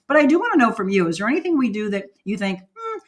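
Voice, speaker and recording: A woman's voice: medium pitch, very animated, racing. A woman hosting a casual wine-tasting show, chatty and laughing often. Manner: chatty, laughs often, talks with food in her mouth. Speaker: show host. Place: new studio, sitting on the floor.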